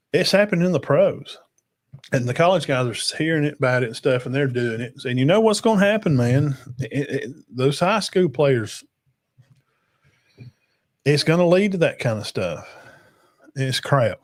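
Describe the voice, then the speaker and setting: A man holds forth on a casual sports livestream. He rambles, circles back, and leans hard on his points while talking straight to his chat and guests. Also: mid-range voice. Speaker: podcast host.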